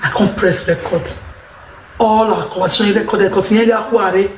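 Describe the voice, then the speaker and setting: A woman's voice: mid-range voice, fairly even intonation, a little fast, noisy background. A Nigerian woman talking straight to her viewers, emphatic and rambling, repeating her points. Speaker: vlogger. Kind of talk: unscripted monologue to viewers. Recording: echoey room.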